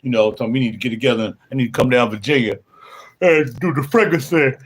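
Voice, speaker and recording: A man's voice: mid-range voice, quick pace, breathy edge. Laid-back slangy man chatting on a stream. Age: older. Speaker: livestream host. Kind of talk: casual livestream chat. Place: home music room.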